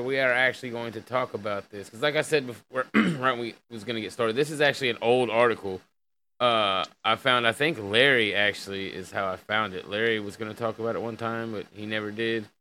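A man's voice: medium pitch, brisk, sharp tone, a little hiss or hum, rough recording. A man hosting an online podcast, chatting casually with crude language and reading an article aloud over a call. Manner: loose and crude, with fillers and laughs. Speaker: podcast host.

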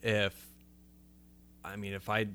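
A man co-hosting a review podcast talks in a relaxed, rambling way. His voice sits on the lower side but with a bright, forceful edge, and he peppers his points with fillers and casual swearing. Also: slow, slight background noise. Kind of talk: casual chat.

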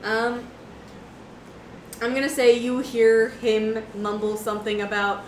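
A woman game master narrating a tabletop session, her voice sitting a little high and ringing in an echoey room. She talks lively and loose, swearing and laughing often. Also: takes it slowly, a little hiss or hum. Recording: roomy echo.

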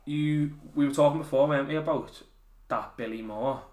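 A man's voice: on the high side, moderate pace, a little mellow. Teasing man chatting in an echoey room. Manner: teasing, joking, swearing freely. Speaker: podcast co-host. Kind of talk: casual banter. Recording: roomy echo.

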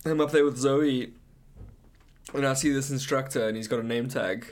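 A man from South Africa co-hosting a podcast, chatting excitedly, laughing often and swearing. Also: medium pitch, moderate pace. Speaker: podcast co-host. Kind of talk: casual chat.

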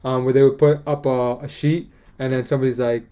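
A man's voice: medium pitch, little pitch movement, a little fast, mellow, smooth. A young man co-hosting a podcast, chatting casually and laughing as he reminisces about school days. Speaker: podcast co-host. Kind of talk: casual chat.

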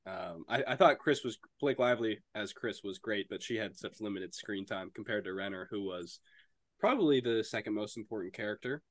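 A man's voice: lowish voice, fairly quick, dry recording, studio quality. A man co-hosting a casual movie review podcast, giving blunt, opinionated takes. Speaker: podcast co-host.

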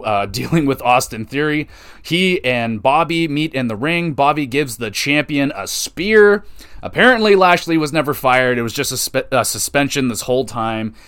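A man hosts a wrestling podcast, rambling through a casual recap. He talks with eager enthusiasm and drops into quick quoted voices. His mid-pitched voice sits close and dry on the mic. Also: fairly bright tone, clean tone, no echo. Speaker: podcast host.

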